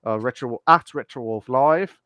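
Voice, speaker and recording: A man's voice: mid-range voice, normal speed, sharp tone, clean tone, dry recording. A man co-hosting a casual podcast, rambling a little and thanking the viewers. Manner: rambling, thanks the chat often. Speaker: podcast co-host. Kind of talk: casual chat.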